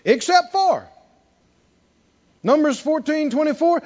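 A man preaching a sermon with animated emphasis, often asking the congregation questions. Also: high voice, unhurried. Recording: dull lo-fi recording.

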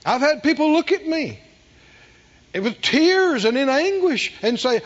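A man's voice: extremely high pitch, big pitch swings, measured pace. A man preaching a sermon to a congregation in a church hall, emphatic, asking rhetorical questions and calling for responses. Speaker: pastor. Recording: dull recording with long hall reverb.

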